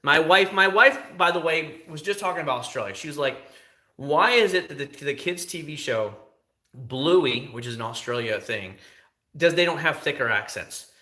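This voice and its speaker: A man hosting a casual livestream, talking freely and answering viewers' questions in an animated way, outdoors by his van. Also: a little high, moderate pace, reverberant. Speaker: livestream host.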